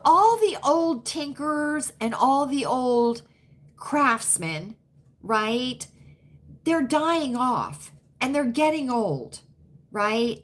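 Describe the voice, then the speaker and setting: A woman in her fifties from the United States, hosting a casual livestream and talking straight to her chat with drawn-out, emphatic asides. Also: on the high side. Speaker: livestream host.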